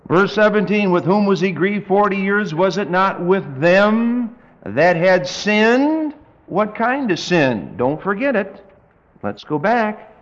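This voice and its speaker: A man preaching a verse-by-verse Bible study with dry, folksy humor, reading scripture slowly. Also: sits high, sing-song. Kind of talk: verse-by-verse Bible teaching sermon. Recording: dull lo-fi tape recording.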